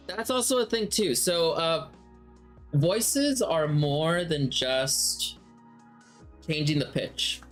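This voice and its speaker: A man's voice: a little high, takes it slowly, faint music behind. A man giving a casual spoken lesson on running tabletop games, talking conversationally, thinking aloud and rephrasing as he goes. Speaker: game master teacher.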